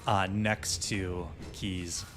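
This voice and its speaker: A man's voice: deep voice, flat delivery, extremely slow, a little hiss or hum. A man running a tabletop fantasy game as dungeon master, narrating and checking rules with many fillers. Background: soft fantasy music.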